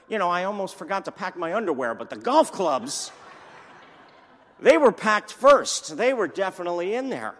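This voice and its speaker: A man preaching an energetic sermon as pastor, animated and humorous. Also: high-pitched, moderate pace. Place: church sanctuary. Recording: echoey church hall.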